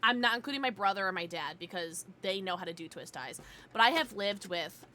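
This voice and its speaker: A young American woman streaming casually, chatting with viewers in an animated, ranting way and laughing often. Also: mid-range voice, brisk, slight background noise. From United States. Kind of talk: casual livestream chat with viewers.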